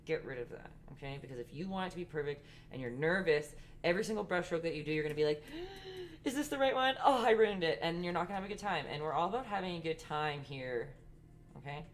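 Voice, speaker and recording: A woman hosting a casual live-stream painting lesson, chatty and rambling, talking fast. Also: deep voice, slight background noise. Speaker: art instructor and live-stream host.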